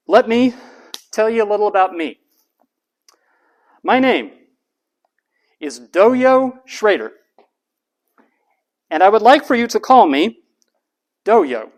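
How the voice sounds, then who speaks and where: A middle-aged man from Texas, a college professor giving a lively classroom lecture and stressing his points by repeating words. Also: high-pitched.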